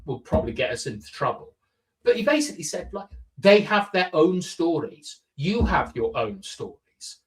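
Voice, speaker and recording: A man's voice: mid-range voice, bright, forceful tone, poor audio. A man chatting casually as a podcast guest, opinionated and full of fillers, from the countryside. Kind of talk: casual chat.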